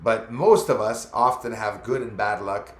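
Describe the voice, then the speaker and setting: A man's voice: lowish voice, unhurried. Chatty man streaming live in an echoey room. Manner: chatty, rambling, greets viewers by name. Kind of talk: casual live-stream chat reading comments.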